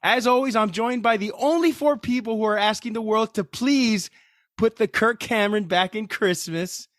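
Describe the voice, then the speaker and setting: A man's voice: sits high, normal speed, a bit bright, no echo, studio quality. A man in his thirties hosting a podcast, opening with a wry scripted intro and joking with guests. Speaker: podcast host. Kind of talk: scripted show intro, then casual chat.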